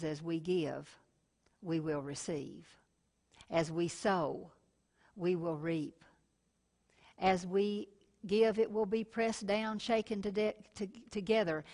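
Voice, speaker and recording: A woman's voice: lowish voice, slow. A middle-aged woman preaching a televised sermon in a folksy way, calling listeners honey and telling personal stories.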